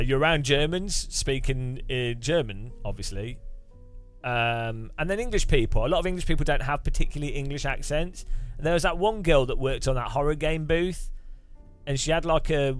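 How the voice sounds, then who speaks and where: A man's voice: a little high, moderate pace, clear, resonant tone, soft background music. A man chatting casually on a live stream, rambling and chuckling as he thanks viewers between thoughts.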